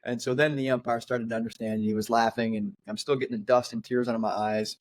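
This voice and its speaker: A middle-aged man co-hosting a podcast, telling a story in casual chat, animated and laughing as he acts out quotes. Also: mid-range voice, quick pace, dry recording. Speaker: podcast co-host.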